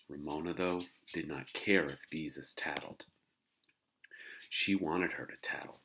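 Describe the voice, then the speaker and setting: A man reading a children's book aloud to listeners, expressive and playful with the sound effects. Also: deep voice. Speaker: storybook reader.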